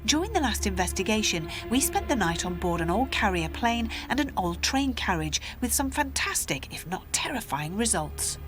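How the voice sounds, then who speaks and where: A woman reading a measured, ominous narration. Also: mid-range voice, sing-song, over music. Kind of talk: scripted narration.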